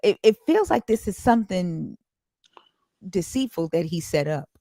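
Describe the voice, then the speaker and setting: Low, gravelly-voiced woman asking questions. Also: sing-song, moderate pace, dark tone, dry recording. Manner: inquisitive, asks pointed questions and reasons them out. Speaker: podcast co-host discussing the Bible. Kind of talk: casual chat.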